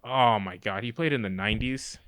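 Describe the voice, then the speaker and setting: A man's voice: lowish voice, a little fast, a bit bright, clean tone. A young man co-hosting a casual sports podcast, brash and swearing casually. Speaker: podcast co-host.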